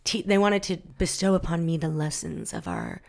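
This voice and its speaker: A woman guest in a casual chat, an animated storyteller who acts out the people in her stories. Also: low voice, normal speed, creaky.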